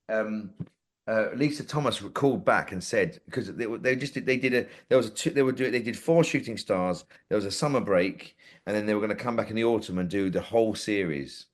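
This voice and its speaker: A man in his forties, a podcast guest telling rambling anecdotes with lots of swearing and acted-out quotes. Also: fairly low pitch. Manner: rambling, lively, swears freely, acts out quotes. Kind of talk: casual anecdotal storytelling.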